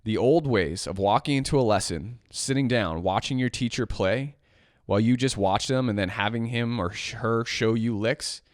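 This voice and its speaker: Talking about how jazz piano should be taught, a podcast host goes on an emphatic, passionate rant that keeps looping back on itself. His mid-range voice moves at normal speed, captured in studio quality with no room sound.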